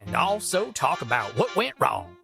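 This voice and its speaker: A man's voice: mid-range voice, huge pitch swings, normal speed, gravelly, music in the background. A man delivering sarcastic, insulting scripted narration as a political commentator.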